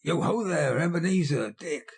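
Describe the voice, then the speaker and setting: A man voicing a jolly, fat old male merchant who calls out loudly and cheerfully. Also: fairly high pitch, lively intonation, moderate pace, breathy edge. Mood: jovial. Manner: loud, cheerful calling out.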